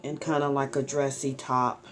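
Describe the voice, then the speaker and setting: A middle-aged woman vlogging at home, chatting to her followers in a rambling, story-telling way with ums and soft laughs. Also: very deep voice, flat delivery, normal speed. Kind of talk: casual chat to camera.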